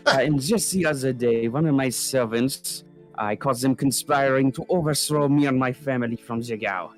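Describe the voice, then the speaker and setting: A man's voice: mid-range voice, normal speed, voice pushed up, natural voice. A man playing a pompous noble lord. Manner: haughty, scolding. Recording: faint music behind.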